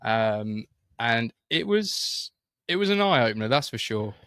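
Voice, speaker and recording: A man's voice: medium pitch, big pitch swings, unhurried, a bit bright, clear, resonant tone, no room sound, clean studio sound. A man with a British accent, co-hosting a casual podcast and telling a long story with many fillers and restarts. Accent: British English. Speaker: podcast co-host. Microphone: studio microphone.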